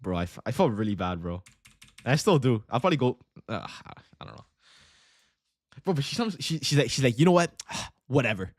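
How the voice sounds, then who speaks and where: A man's voice: mid-range voice, very animated, a little fast, long pauses, no room sound. A young man hosting a livestream, telling a rambling casual story and saying bro a lot. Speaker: livestream host, day trader.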